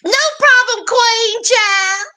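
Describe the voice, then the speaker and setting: A young woman hosting a casual reality-TV recap, sassy and animated, calling people "child" and "honey". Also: extremely high pitch, slow pace. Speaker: recap host.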